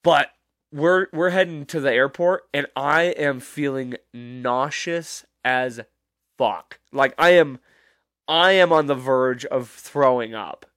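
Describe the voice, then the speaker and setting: A man's voice: medium pitch, takes it slowly, fairly bright tone, dry recording, clean studio sound. A man hosting a podcast, telling a story in a rambling, profane, incredulous way with many restarts. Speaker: podcast host. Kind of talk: casual storytelling monologue.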